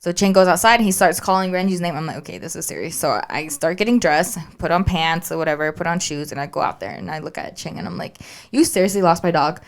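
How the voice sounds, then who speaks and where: A woman's voice: on the low side, fast, creaky, hardly any pauses. A woman co-hosting a podcast, telling a story in casual chat and acting out the voices of the people in it. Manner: animated storytelling, acts out quoted dialogue. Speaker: podcast co-host.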